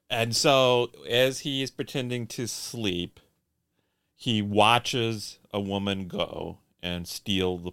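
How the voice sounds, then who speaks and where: A man's voice: lowish voice, fairly bright tone, smooth, no echo, studio quality. A man from Indiana co-hosting a casual film-review podcast, teasing and questioning with wry humor. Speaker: podcast co-host.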